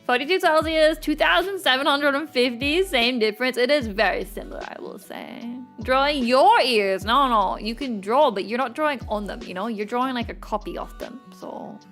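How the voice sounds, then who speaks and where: A woman's voice: sits high, moderate pace, few pauses, a bit bright. A young woman, chatting casually with her stream viewers and laughing often between lines. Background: faint music.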